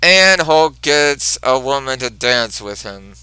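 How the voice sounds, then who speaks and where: A man's voice: mid-range voice, animated, slow, sharp tone, clean tone, no echo, low-quality recording. A man reviewing a comic book, retelling the story step by step. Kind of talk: comic book recap narration.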